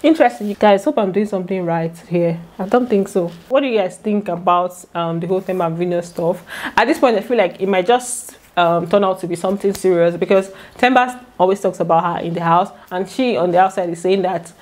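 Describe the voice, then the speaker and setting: A woman's voice: fairly low pitch, brisk, darkish tone. A young woman, chatting directly to her viewers in a casual commentary vlog. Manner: chatty, talks straight to viewers. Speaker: YouTuber recapping a reality show.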